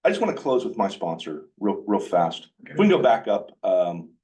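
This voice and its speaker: Man, lowish voice, blunt animated group speaker, picked up from a distance off the mic. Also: moderate pace. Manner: blunt, animated, acts out his own quoted dialogue. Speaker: workshop speaker sharing recovery experience. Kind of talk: casual talk to a group. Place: meeting room with a live group.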